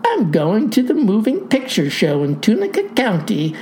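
A woman's voice: medium pitch, wildly swooping pitch, moderate pace, darkish tone, a little hiss or hum. A woman voicing an eccentric older male farmer who talks in a breezy, folksy and innocent-sounding way.

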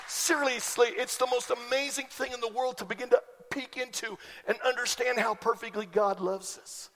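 A man preaching a sermon as a pastor, animated and emphatic, building to loud peaks. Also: extremely high pitch, moderate pace, a faint crowd, a little hiss or hum. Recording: long reverb of a large hall.

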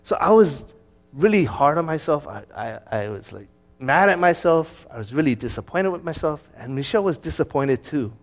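Storytelling pastor, slightly high voice. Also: male voice, normal speed. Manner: conversational storytelling, with fillers and restarts; lively, acting out his own past words. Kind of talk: sermon with a personal story.

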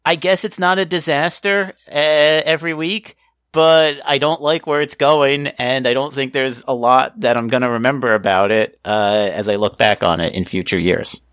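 A man hosting a casual podcast, joking and laughing easily, his voice jumping up in pitch when he jokes. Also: fairly even intonation, moderate pace, a bit bright, smooth, dry recording, clean studio sound. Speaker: podcast host.

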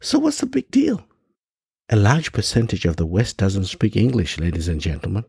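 A man's voice: on the low side, wildly swooping pitch, moderate pace, creaky, darkish tone, breathy edge, dry recording, clean studio sound. A man from Africa giving an impassioned monologue, firing off rhetorical questions and stumbling over frequent restarts. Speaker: podcast host.

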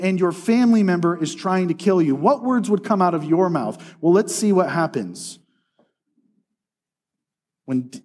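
A man preaching a sermon in an earnest way, slowing down to read scripture aloud. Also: high voice, darkish tone.

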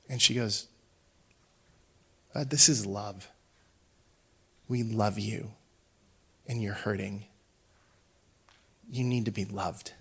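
A middle-aged man preaching a sermon as a pastor, telling a story and swinging between hushed and loud delivery. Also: medium pitch.

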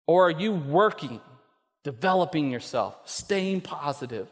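A middle-aged male pastor preaching a sermon, telling a story and then pressing his point with loud emphasis. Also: fairly high pitch, animated, unhurried. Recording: long reverb of a large hall.

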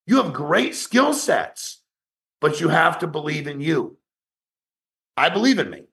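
A man who founded a company, giving a blunt, profane motivational talk to his sales agents in an online meeting, rapid-fire and challenging. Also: fairly high pitch, big pitch swings, gravelly, a bit bright.

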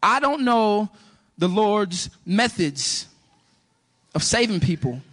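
A man's voice: sits high, slow pace. A man preaching a sermon and telling a personal story, acting out the dialogue as he goes. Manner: animated storytelling, acts out dialogue.

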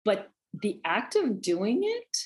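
Slow, reflective woman guest. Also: mid-range voice, huge pitch swings, darkish tone. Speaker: actor, interview guest. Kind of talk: conversational interview.

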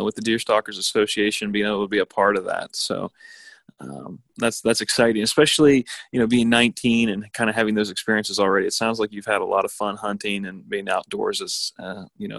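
A man's voice: lowish voice, gravelly, a bit bright, dry recording. An American man hosting a podcast, talking in a friendly, hesitant way with many fillers. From United States. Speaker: podcast host. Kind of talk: casual interview chat.

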